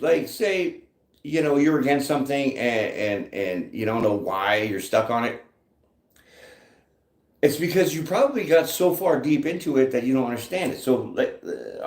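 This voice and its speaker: Host, male, lively pitch, loose joking delivery, roomy echo. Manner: chatty and joking, reads out viewer comments. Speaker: tarot reader hosting a live chat. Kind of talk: casual live-stream talk. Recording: echoey room.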